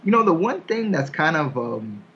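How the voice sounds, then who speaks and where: A man's voice: a little high, big pitch swings, moderate pace, a bit bright, slight background noise. A man rambling in casual talk, circling his point with plenty of asides. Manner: rambling, lots of fillers and restarts. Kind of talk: casual wrestling chat. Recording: husky, dull lo-fi sound.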